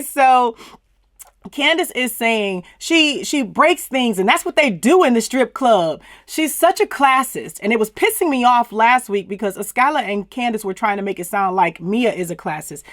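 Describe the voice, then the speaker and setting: Fairly high and a bit bright, this woman's voice comes through a dry, studio-quality recording. She hosts casual reality-TV recap commentary, sassy and emphatic, mixing in mocking laughs and southern slang such as "plumb fool."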